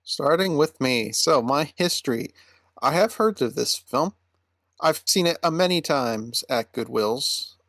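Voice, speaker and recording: A man co-hosting a casual movie podcast, speaking in brief, halting remarks. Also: fairly high pitch, lively intonation, a bit bright, dry recording, studio quality. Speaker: podcast co-host.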